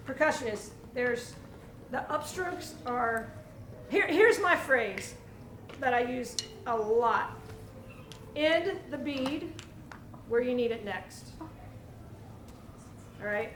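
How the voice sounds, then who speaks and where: A woman teaching a live percussion clinic to students, energetic and coaxing, often asking the room questions. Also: on the high side, a little hiss or hum. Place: school band room with students. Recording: echoey room from far off, with drumming.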